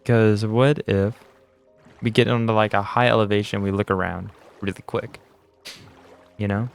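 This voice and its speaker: A tired young man hosts a gaming channel, yawning as he rambles through casual commentary on his gameplay and pokes fun at himself. His voice is lowish, gravelly, and fairly even at a moderate pace, with faint music behind it.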